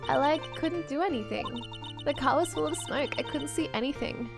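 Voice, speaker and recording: A woman's voice: high-pitched, moderate pace, creaky, voice pushed up. A woman voicing a sad, ditzy young Valley Girl witness, drawling with lots of "like" over game music. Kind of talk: reading game dialogue in a put-on voice.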